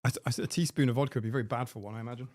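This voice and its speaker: A man's voice: medium pitch, steady tone, very fast, dry recording, studio quality. A man hosting a casual live stream, chatting in a rambling way and laughing at his own jokes. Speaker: livestream host. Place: home room. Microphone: desk mic with mixer.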